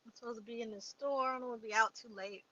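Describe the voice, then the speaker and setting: A woman's voice: a little high, fairly even intonation, quick pace, bright, forceful tone, muffled recording. A woman hosting a casual livestream, chatting and reading viewer comments aloud before answering them. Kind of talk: casual live chat.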